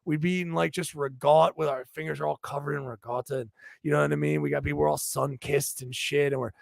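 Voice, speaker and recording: Podcast co-host, male, high and gravelly voice, profane needling banter, dry close mic. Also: fairly even intonation, fast talker, no echo. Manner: teasing, profane, mock-scolding.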